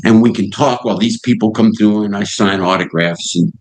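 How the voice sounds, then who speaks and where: A man quoting a gracious, elderly blues musician in a near-natural low voice. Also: brisk, lightly acted, low-quality recording. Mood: welcoming. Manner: warm, gracious.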